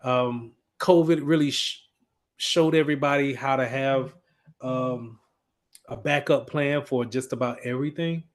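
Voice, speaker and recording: A man teaches an IT class in a casual, conversational lecture, speaking a little slowly in a medium-pitched voice. He explains with frequent fillers and restarts.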